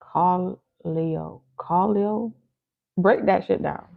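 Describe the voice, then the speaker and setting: A woman's voice: lowish voice, drawn-out words, vocal fry. A woman chatting casually and teasingly with viewers on a live stream, laughing easily. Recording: phone-like lo-fi audio.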